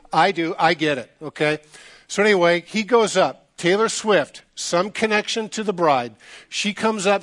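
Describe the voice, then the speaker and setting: A middle-aged pastor with a fairly high voice preaches to his congregation. He keeps it casual and jokey and acts out the voices of people in his stories. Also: fairly bright tone. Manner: jokey, conversational, acts out quoted dialogue. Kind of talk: sermon with storytelling. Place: church sanctuary.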